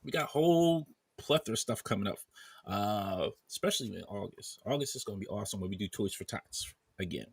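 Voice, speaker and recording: A man's voice: on the low side, lively intonation, brisk, gravelly, husky, no echo. A man hosting a casual podcast chat, reading off viewer names in a running list. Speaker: podcast host. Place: at home in bed, wearing headphones.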